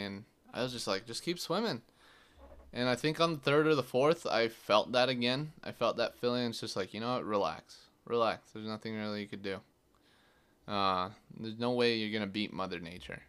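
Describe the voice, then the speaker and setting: A man's voice: fairly low pitch, fairly bright tone, smooth. A young man hosting his own podcast, telling a story in a loose, casual way, full of fillers and swearing. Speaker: podcast host.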